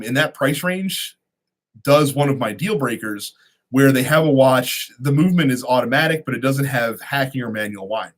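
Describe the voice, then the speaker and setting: A man hosting a relaxed live-stream Q&A, reading out viewer questions and answering them conversationally with frequent ums and restarts. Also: mid-range voice. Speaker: host of a watch channel.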